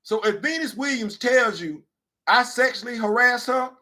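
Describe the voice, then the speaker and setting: At a moderate pace, a male talk-show host tells a comedic story in an animated way. He moves between mumbling quietly and erupting loudly, and he leans on repeated phrases for emphasis.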